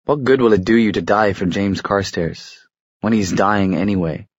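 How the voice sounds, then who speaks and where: A dry, weary male warlock, read by a man in a storybook, speaking with bitter restraint. The voice is low and the recording dry and close. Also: normal speed, dry recording, dull audio, lightly acted.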